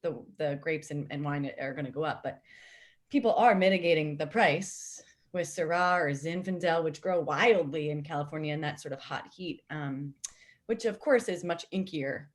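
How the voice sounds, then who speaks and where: Low-voiced woman explaining wine. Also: moderate pace. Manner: explanatory, informative. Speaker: guest wine expert. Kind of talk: casual chat.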